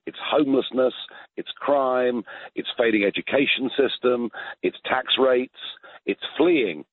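A man's voice: medium pitch, measured pace, dry recording. A British man in his sixties, a guest commentator on a phone-in, talking emphatically and often restarting his words. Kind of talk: phone-in political chat. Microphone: telephone. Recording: tinny phone line.

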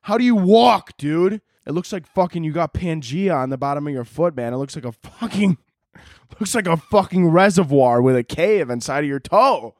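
A man's voice: a little high, expressive, normal speed, darkish tone, no echo, clean studio sound. Profane, ranting young man. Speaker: podcast host. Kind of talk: casual solo rant.

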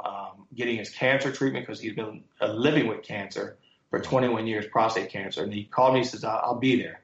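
Man telling stories in an echoey room. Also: medium pitch. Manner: animated storyteller, quotes others with emphasis. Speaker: guest, motivational speaker. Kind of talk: storytelling interview answers. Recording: echoey, muffled sound.

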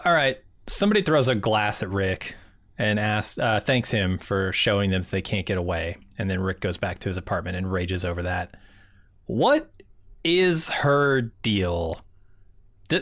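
A man's voice: medium pitch, fairly bright tone, no room sound, clean studio sound. A man co-hosting a podcast, talking in a casual, wry, chatty way. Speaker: podcast co-host. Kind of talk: casual chat.

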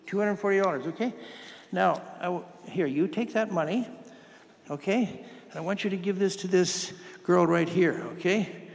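High-voiced preacher in a reverberant hall. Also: male voice, normal speed, vocal fry. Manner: folksy, swings to loud emphatic preaching. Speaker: pastor. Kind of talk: sermon with audience participation. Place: church hall with congregation.

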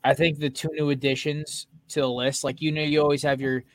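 A man's voice: on the high side, flat delivery, a little fast, dry recording. A young man co-hosting a podcast, ranting heatedly and profanely in casual sports chat. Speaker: podcast co-host.

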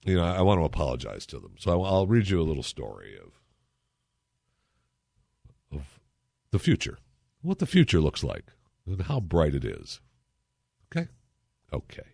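A man hosting a talk radio show, talking in a sarcastic, animated and rambling way. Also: deep voice, normal speed, vocal fry, long pauses, slightly rough, no echo, studio quality.

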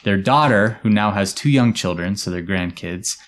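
A man with a very low voice tells a story to his co-hosts in an easygoing podcast chat. His delivery is relaxed and explanatory, and it sinks into quiet asides. The sound is a casual studio conversation. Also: moderate pace. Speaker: storyteller host.

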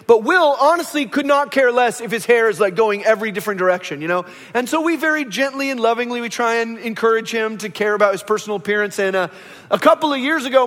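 A man in his thirties or forties preaching a sermon as pastor, telling stories and acting out the voices in them. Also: very high voice. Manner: animated storytelling, acts out quoted voices. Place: church sanctuary. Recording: long reverb of a large hall.

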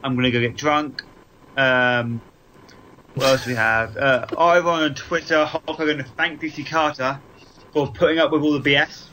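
A man's voice: medium pitch, steady tone, normal speed, bright, forceful tone, slight background noise, poor audio. An English man co-hosting a casual wrestling chat show, joking about himself as he talks. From England. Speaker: podcast co-host.

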